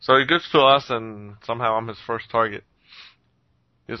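A man's voice: medium pitch, steady tone, moderate pace, highs cut off, a little hiss or hum. A young man telling a story in casual, rambling talk, swearing and laughing often.

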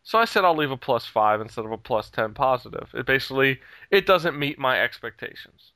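His mid-range voice has lively intonation and a slightly fast pace, pushed and bright but smooth, with no echo. In casual chat he tells a heated story, cursing freely and laughing at himself along the way.

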